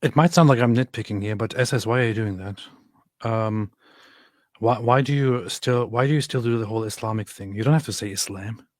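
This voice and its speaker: A man's voice: lowish voice, fairly quick, no echo, studio quality. A man co-hosting a casual reaction stream, talking in exasperated, mocking complaints. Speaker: stream co-host.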